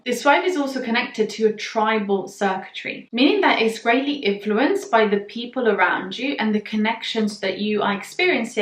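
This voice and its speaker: A woman explaining a topic in a calm, direct video lesson, speaking straight to the viewer. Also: fairly high pitch, reverberant. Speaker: human design teacher.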